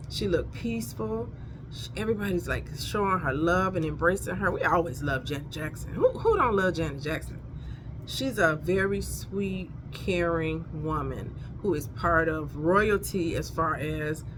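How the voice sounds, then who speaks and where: A woman's voice: on the low side, expressive, normal speed, background noise. A woman in her fifties giving frank, folksy life advice in a casual vlog, chatting straight to her viewers. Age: 50s. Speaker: life coach. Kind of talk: casual motivational vlog talk.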